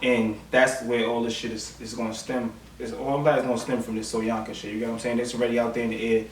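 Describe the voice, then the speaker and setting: A man's voice: mid-range voice, flat delivery, fast, slight background noise. Emphatic man, echoey and distant. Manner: emphatic, keeps asking "you get what I'm saying". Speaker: guest artist. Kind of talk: casual chat. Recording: echoey room, mic far off, faint ambience.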